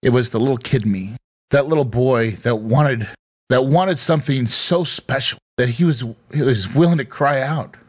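A man's voice: mid-range voice, normal speed, slightly rough, dry recording, clean studio sound. A middle-aged man and real estate investor telling an emotional personal story into a mic, earnest and emphatic, with restarts. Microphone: studio mic.

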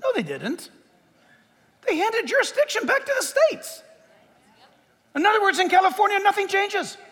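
A man's voice: very high voice, sing-song, moderate pace, a bit bright. A man preaching a sermon from the pulpit, reading scripture aloud and adding emphatic asides. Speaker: pastor. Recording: echoey hall recording.

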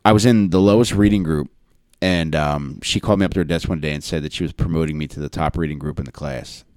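A man with a very deep voice tells crude stories in a deadpan way on a podcast. The recording is close and dry, with no room sound. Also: fast, dry recording. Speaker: podcast co-host. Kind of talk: casual chat.

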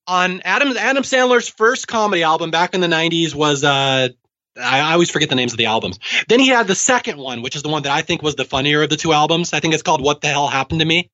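A man's voice: on the high side, expressive, fast, bright, forceful tone. A man in his forties co-hosting a podcast, talking casually and eagerly, often laughing. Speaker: podcast co-host. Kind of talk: casual chat. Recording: dull lo-fi sound.

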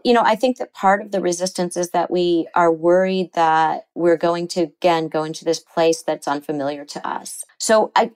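A middle-aged woman therapist explaining things earnestly in an interview, lively when she quotes people. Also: lowish voice, poor audio. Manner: earnest, explanatory, animated when quoting others. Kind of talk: interview conversation.

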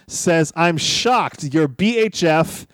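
A man co-hosting a casual podcast, reading out listener messages and plugs at an unhurried pace. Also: a little high, expressive, fairly bright tone, dry recording, clean studio sound.

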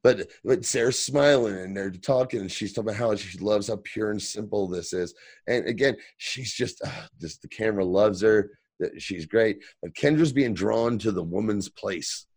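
Gravelly-voiced male podcast co-host. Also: fairly low pitch, normal speed, dry recording. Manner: profane, animated recapping. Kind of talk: casual chat.

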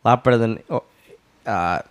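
A man guesting on a podcast, telling a backstage story in a lively way and swearing freely. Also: fairly low pitch, normal speed.

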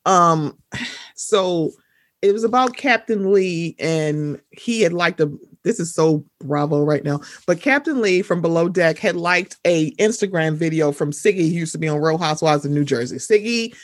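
Animated young woman. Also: fairly low pitch, moderate pace, no room sound, clean studio sound. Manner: animated, acts out her own reactions in quoted asides. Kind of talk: casual chat.

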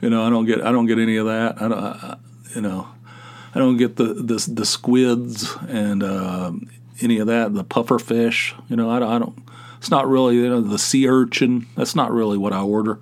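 A man's voice: mid-range voice, steady tone, normal speed. Rambling middle-aged man, exasperated. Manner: rambling, full of restarts and asides, exasperated. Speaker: podcast host. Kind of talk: casual monologue.

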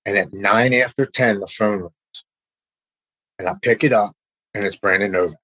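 Low husky man telling his story. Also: bright, forceful tone, poor audio. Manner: earnest, halting, repeats words when emotional. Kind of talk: personal storytelling, casual.

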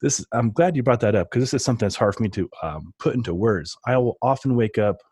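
A man's voice: mid-range voice, animated, fast talker, a little mellow, slightly rough, dry recording, clean studio sound. A man telling stories with enthusiasm in a casual podcast chat. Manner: enthusiastic, rambling storyteller.

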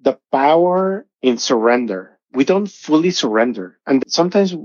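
A man's voice: medium pitch, lively intonation, moderate pace, darkish tone, no echo. Man, middle-aged, guest telling a heartfelt story; dull lo-fi sound. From Mexico. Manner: earnest, emotional storytelling. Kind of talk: personal testimony in interview. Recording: dull lo-fi audio.

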